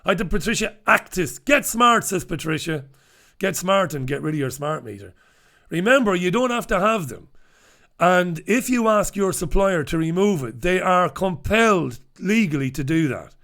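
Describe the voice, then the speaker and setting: Blunt, swearing middle-aged newspaper host. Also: male voice, high-pitched, lively intonation, normal speed, a bit bright. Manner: blunt, swears freely, chatty asides. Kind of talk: casual opinionated commentary.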